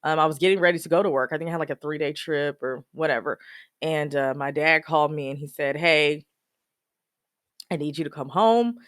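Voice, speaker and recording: A woman's voice: deep voice, steady tone, quick pace, no echo, studio quality. A woman podcast host telling a personal story casually, laughing often through sad memories and filling with "you know" and "um.". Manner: many fillers like "you know" and "um".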